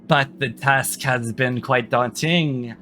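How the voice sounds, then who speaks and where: A man's voice: medium pitch, fairly even intonation, takes it slowly, pushed and bright, slight background noise. A man voicing a haughty, cruel female queen who taunts her minotaur captives in a tabletop game. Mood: scheming.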